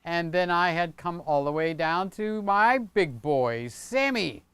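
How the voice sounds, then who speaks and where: A man's voice: fairly high pitch, animated, slow, fairly bright tone, smooth, dry recording. An older man hosting a casual livestream from his home studio, rambling and chatty, often tagging on "okay?". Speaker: channel host. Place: home studio room with set pieces.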